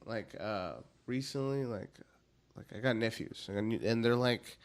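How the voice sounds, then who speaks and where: A man telling profane, animated stories in casual podcast chat, acting out shrill quoted voices. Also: unhurried, clean tone. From South Texas. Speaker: comedian guest.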